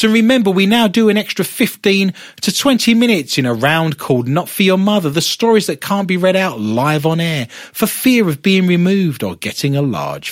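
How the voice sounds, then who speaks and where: A man's voice: high voice, no room sound, clean studio sound. A man hosting a radio talk show, joking and laughing in teasing banter.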